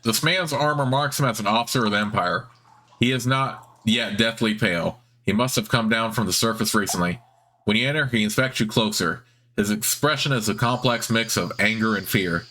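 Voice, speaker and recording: A man hosting a let's play, reading the game text aloud in a plain, even way with offhand asides. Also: lowish voice, fairly quick.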